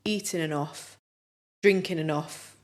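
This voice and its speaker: A young woman co-hosts a casual podcast, talking in an upbeat, chatty stream full of fillers. Her voice sits on the lower side for a woman. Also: unhurried. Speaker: podcast co-host.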